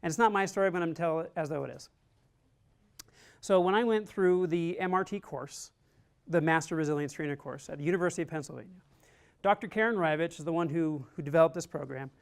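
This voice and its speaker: Speaking quickly in a slightly high voice with vocal fry, an army resilience trainer shares a personal story in his classroom lecture. His style is loose and conversational, packed with "like," and he sounds earnest and encouraging.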